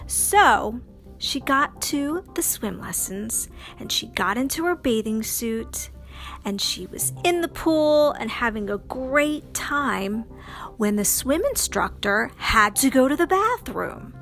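High-voiced woman telling a kids' bedtime story, slow and lilting, soft music behind. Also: expressive. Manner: slow, sing-song, dramatic ups and downs. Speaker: children's storyteller. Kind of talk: bedtime story narration for children.

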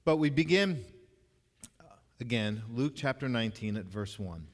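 A pastor delivers a sermon in a relaxed, conversational way, often restarting his sentences. His voice sits in a middling pitch for a man. The sound rings with the long reverb of a church sanctuary. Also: moderate pace, long pauses.

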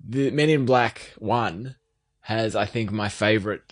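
A man's voice: lowish voice, no room sound, studio quality. A man co-hosting a casual film chat, laughing easily as he talks. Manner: giggly, quick to laugh. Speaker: podcast co-host. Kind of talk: casual chat about films.

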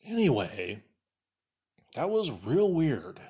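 A man's voice: on the high side, takes it slowly, slight background noise. A man casually telling a rambling story, swearing freely and filling it with "like.". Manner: profane, rambling with many "like" fillers; animated, exasperated retelling.

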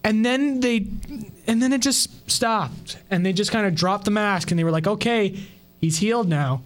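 A man's voice: high voice, fairly even intonation, moderate pace. A man co-hosting a podcast, chatting casually and wryly about a wrestling show, often stammering and restarting. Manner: stammers and restarts, wry and joking. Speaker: podcast co-host.

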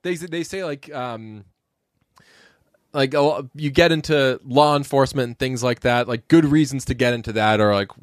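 A young man with a faint Boston accent co-hosts a podcast, chatting casually and rambling, swearing often and quoting people in different voices. His mid-range voice moves at a normal speed, and the studio sound is clean with no room echo.

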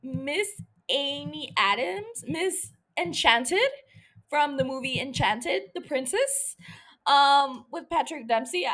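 A woman with a notably high voice talks through her solo podcast. She is playful and chatty, swearing freely as she rambles along in a loose, casual monologue. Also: fairly bright tone. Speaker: podcast host.

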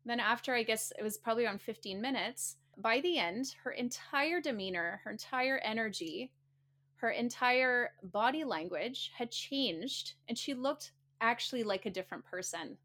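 A woman's voice: fairly high pitch, animated, moderate pace, a bit bright. A woman speaking casually to her listeners, telling a story with animation, laughing often and repeating phrases earnestly. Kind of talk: casual spoken talk to listeners.

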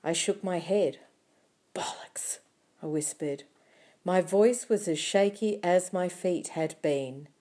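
A woman reading a novel aloud in the first person, with quiet, measured storytelling. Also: on the low side. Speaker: audiobook narrator. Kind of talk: first-person audiobook narration.

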